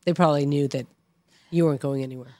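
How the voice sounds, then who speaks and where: A woman's voice: sits low, steady tone, fast, a little mellow, dry recording. A woman co-hosting a podcast, asking eager, playful questions in casual chat. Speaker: podcast co-host.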